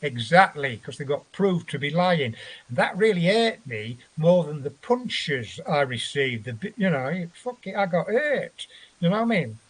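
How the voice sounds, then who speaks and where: A man with a slightly husky, fairly high voice tells a long story as a guest on a chat show. He rambles, swears and acts out the voices of people in his tale. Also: very animated, measured pace. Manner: rambling, profane, acts out quotes.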